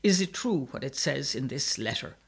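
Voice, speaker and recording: A man doing a gruff, bullying older brother. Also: mid-range voice, expressive, normal speed. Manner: gruff, commanding.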